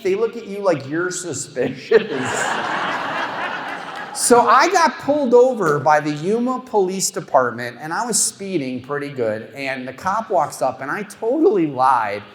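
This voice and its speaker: A middle-aged man tells self-mocking stories in a stand-up set, his pitch swinging widely as he works the crowd. The sound carries a long reverb, echoing through a large room from a stage mic. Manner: animated storytelling, self-mocking punchlines. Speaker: stand-up comedian. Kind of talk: stand-up routine with crowd work. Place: comedy show stage before a live audience. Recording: echoey hall with long reverb.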